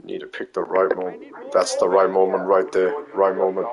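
A man giving live gameplay commentary, panicky, repeating short phrases over and over and dropping to a hushed mutter while he sneaks. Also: deep voice, completely flat delivery, moderate pace, a crowd in the background. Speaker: gamer playing a stealth game.

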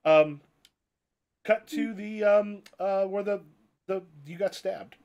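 A man running a tabletop heist game as game master, narrating in a halting way with many restarts and swearing when surprised. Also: high voice, a little mellow, highs cut off.

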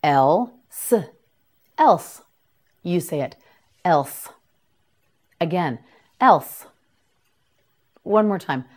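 A woman teaching English vocabulary to beginners in a scripted lesson, saying each word slowly and carefully and repeating it for the listener to echo. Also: lowish voice, lively intonation.

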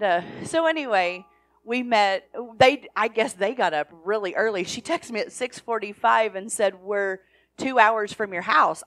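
This is a middle-aged woman speaking to a church congregation during a service, telling a story as a foster parent. She talks in a chatty, conversational way, slipping into quick quoted asides. Her pitch sits in an ordinary middle range. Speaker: foster parent sharing a testimony.

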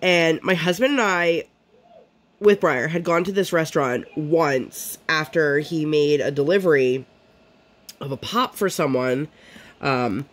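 A woman's voice: sits low, unhurried. A woman vlogger chatting casually while she crafts, rambling and full of fillers.

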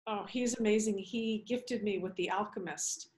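A woman's voice: mid-range voice, normal speed, poor audio. American woman guest on a podcast, gushy and heartfelt, video call sound. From New York City. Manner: effusive and warm-hearted. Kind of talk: casual video-call chat.

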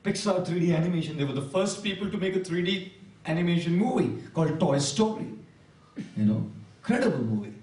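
A man's voice: high-pitched, lively intonation, brisk, a little mellow. A man giving an emphatic motivational talk to a live audience, repeating key words and asking the crowd questions. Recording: echoey hall, voice from a distance.

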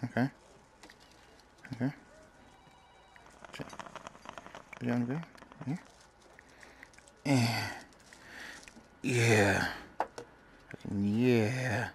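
A man's voice: mid-range voice, very slow, pauses often, noisy background. A young man casually commentating a game, crude and mumbling, talking back to the characters. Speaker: gaming streamer. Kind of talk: casual let's-play commentary.

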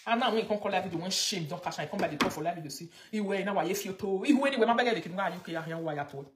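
A woman's voice: mid-range voice, animated, very fast, reverberant, slight background noise. A Nigerian woman giving gossipy, scolding commentary that mocks and lectures the viewer.

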